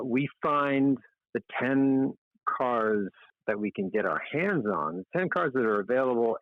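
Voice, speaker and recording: A man's voice: lowish voice, dry recording. A middle-aged man, a magazine editor, chatting casually as a guest in a podcast interview, rambling and self-deprecating. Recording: tinny phone-like line, dry.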